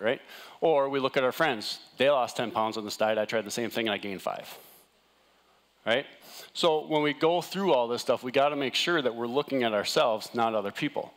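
Middle-aged man, wellness doctor speaking to a seminar crowd, lively and joking, mid-pitched voice. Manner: animated, jokey, asks the room "right?". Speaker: wellness doctor giving a talk. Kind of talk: casual seminar talk to a live audience.

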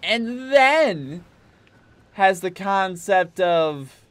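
A man's voice: sits high, animated, slow pace, a bit bright, dry recording. A man streaming a video game, giving casual commentary full of swearing and emotional outbursts.

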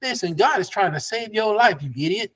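A man's voice: high voice, expressive, fairly quick, fairly bright tone. A man, a pastor teaching a Bible study over a video call in a folksy, preacherly way. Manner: preacherly, folksy, laughs between points.

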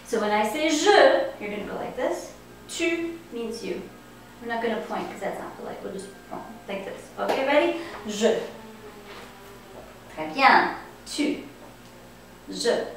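Woman teacher going slow and encouraging, kinda high voice, echoey room, mic far off. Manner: slow, encouraging, repeats words for learners. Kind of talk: classroom teaching. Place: classroom. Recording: echoey room, distant mic, faint noise.

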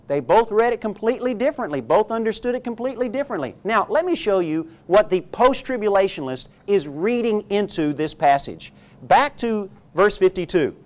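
A man's voice: high voice, animated, moderate pace. A man pastor delivering a sermon, emphatic and rhetorical, often checking in with the congregation. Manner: emphatic, rhetorical, frequent "okay?" check-ins.

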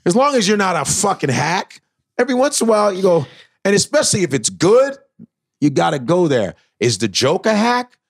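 A man chatting as a comedian guest, cussing freely and breaking into impressions. His pitch swings widely and his voice has a husky edge. The sound is dry and close. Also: normal speed, no echo. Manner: animated, swearing, slips into voices and impressions. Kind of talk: casual comedic chat with impressions.

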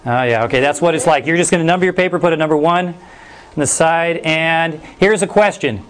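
A middle-aged male teacher giving a class brisk, playful instructions. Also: on the high side. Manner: energetic, brisk, playful commands.

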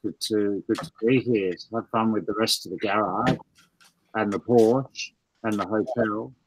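A man with a lowish voice speaks as a guest on a livestream through a remote call. He talks in a relaxed, friendly way with casual fillers. Clear noise hangs over the line. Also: measured pace. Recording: noisy remote call audio.

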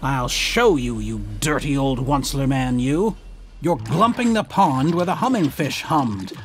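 A man voicing a grumpy, scolding little male forest creature in a storybook reading, with a croaky voice. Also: mid-range voice, lively intonation, measured pace, faint music behind, lightly acted. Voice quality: croaky, coughing. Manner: snappish, scolding.

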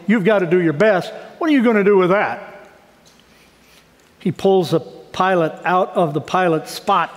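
A middle-aged man pastor giving a sermon, talking conversationally and building to emphatic, raised passages. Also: sits high. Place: church sanctuary. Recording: long church hall reverb.

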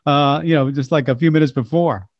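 An older man, a voice actor, telling stories in an interview in a lively way and slipping into character voices. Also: fairly high pitch, fairly quick, dry recording. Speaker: voice actor and impressionist guest. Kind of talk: animated storytelling interview. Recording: dull lo-fi sound, dry.

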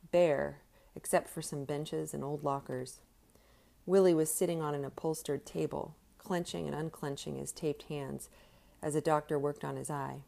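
A woman narrating a novel aloud with steady, clear storytelling. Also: deep voice. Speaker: audiobook narrator. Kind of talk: scripted narration.

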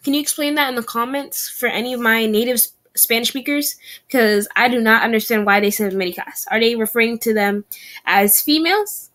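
Brisk and a bit bright, this young adult woman's fairly high voice carries a chatty language-learning vlog. She works through her practice out loud, self-correcting and saying practice phrases again.

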